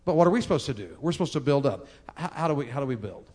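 A man preaches about marriage. He jokes and asks the crowd questions as he goes. His voice sits at a middling pitch. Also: big pitch swings, racing, a little mellow. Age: 50s. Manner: folksy, joking, talks with the crowd. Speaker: pastor. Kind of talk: sermon on marriage.

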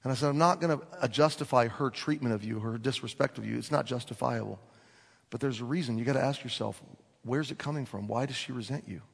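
Gravelly male preacher in a hall. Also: medium pitch, fast talker. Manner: animated storyteller acting out dialogue. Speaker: pastor. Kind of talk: sermon storytelling. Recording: long reverb of a large hall.

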